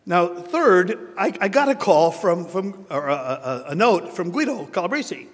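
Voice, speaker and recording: Older man, wry acceptance speech, fairly high voice, big reverberant hall. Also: very animated, measured pace. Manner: wry, self-deprecating, anecdotal. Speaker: award recipient giving acceptance speech. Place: large hotel ballroom at a conference.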